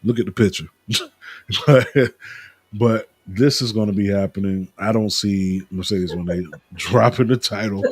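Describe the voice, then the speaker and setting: A man's voice: lowish voice, steady tone, normal speed, darkish tone, breathy edge, no echo. A man hosting a casual wrestling talk show, joking and laughing at his own stumbles over names. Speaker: podcast host.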